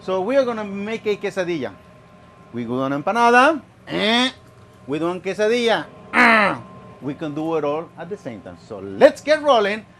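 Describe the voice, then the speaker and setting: Playful cooking host. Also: male voice, sits high, moderate pace, a little hiss or hum. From Mexico. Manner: chatty, playful, animated. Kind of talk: casual cooking demonstration.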